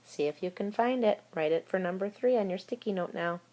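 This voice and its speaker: A woman's voice: medium pitch, a little fast, dark tone. A woman teacher giving a recorded spelling lesson to young children, talking them through words and spelling them out letter by letter. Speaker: elementary school teacher.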